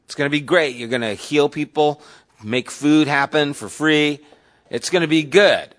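A man's voice: on the high side, normal speed, fairly bright tone, close to an everyday voice. A man voicing a burly, earnest male fisherman disciple who pleads insistently. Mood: earnest pleading.

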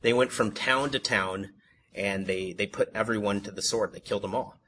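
A Bible teacher with a voice on the low side, pushed and bright, reads passages aloud at normal speed and comments on them. He reads plainly but corrects himself and stammers with fillers as he goes. Slight background noise can be heard.

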